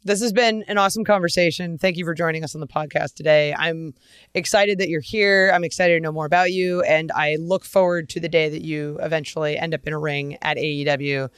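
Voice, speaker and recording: A man's voice: on the high side, steady tone, fairly quick, a bit bright, clear, resonant tone, dry recording, studio quality. A man hosting a podcast, upbeat and enthusiastic in casual chat. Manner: upbeat, enthusiastic, laughs easily. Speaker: podcast host.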